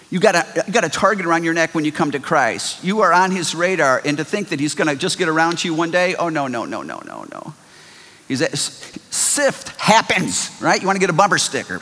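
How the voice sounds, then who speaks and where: A middle-aged man preaching a sermon as pastor, swinging from loud exclamations to quiet asides. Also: fairly high pitch. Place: church sanctuary. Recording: long hall reverb.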